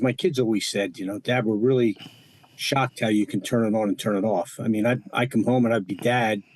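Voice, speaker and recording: A man's voice: mid-range voice, darkish tone. An older man, a former agent, speaking plainly with many "you know" fillers. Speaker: guest, former FBI agent. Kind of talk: casual podcast interview.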